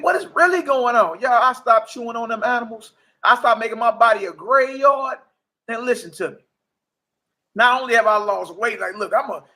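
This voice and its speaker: A high-pitched man in his forties gives a relaxed testimony with a preachy edge while hosting a livestream. He's animated, uses plenty of slang, and keeps checking in with "you dig?"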